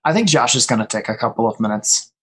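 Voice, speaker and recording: A man's voice: mid-range voice, animated, fast talker, fairly bright tone, husky, low-quality recording. A man playing a tabletop game, speaking frankly and thoughtfully. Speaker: player. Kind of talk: tabletop role-play chat.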